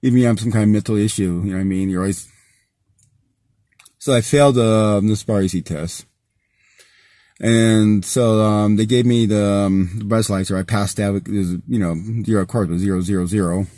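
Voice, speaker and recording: A man's voice: lowish voice, fairly even intonation, brisk, mellow, no room sound, clean studio sound. A man telling a personal story in a casual vlog, rambling with many fillers and restarts, often breaking into angry, profane rants. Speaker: vlogger.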